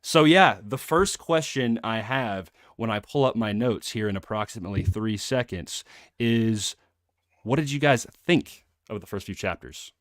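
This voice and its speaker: A man's voice: lowish voice, lively intonation, unhurried, a bit bright, no echo, studio quality. A man hosting a casual book club live stream, rambling with fillers and frequent laughs.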